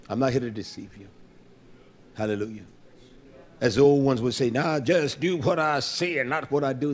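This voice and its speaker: A man's voice: medium pitch, mellow, husky. A male preacher delivering a fervent, blunt sermon, repeating his phrases and calling out to the congregation.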